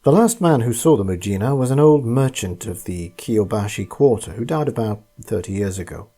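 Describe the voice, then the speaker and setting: A man reading a ghost story aloud in a calm, measured scripted narration. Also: lowish voice.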